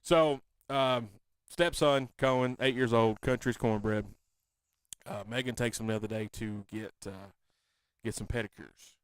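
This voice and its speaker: A man's voice: mid-range voice, fairly even intonation, measured pace, clear, resonant tone. Laid-back man telling stories. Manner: laid-back storyteller, laughs often. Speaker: podcast host. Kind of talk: casual chat.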